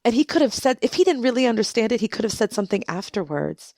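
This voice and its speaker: A woman guest on a conversational podcast, telling stories in an animated way, with emphatic stress and frequent restarts. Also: fairly high pitch, fast, no room sound, clean studio sound. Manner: emphatic, many restarts and rising indignation. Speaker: guest, book contributor.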